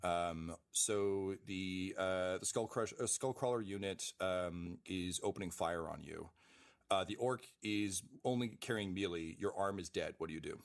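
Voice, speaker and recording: Low-voiced man running a tabletop game. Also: a little slow. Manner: hesitant, many ums and uhs. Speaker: game master.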